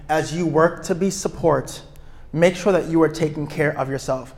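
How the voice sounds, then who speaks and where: A man speaking to a room of couples at a retreat, energetic and outgoing, often checking in with his listeners. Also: fairly high pitch, normal speed. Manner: energetic, self-described extrovert; checks in with listeners, asking "right?". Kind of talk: live talk to an audience.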